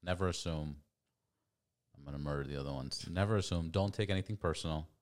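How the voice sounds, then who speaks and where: Deep-voiced relaxed male podcast host. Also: quick pace. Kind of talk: casual podcast chat. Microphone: studio mic.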